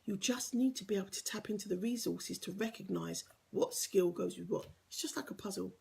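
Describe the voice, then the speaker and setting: Husky woman coaching earnestly. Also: medium pitch, a little fast, dark tone. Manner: earnest, encouraging, drops to a whisper for emphasis. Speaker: life coach. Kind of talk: motivational talk to camera.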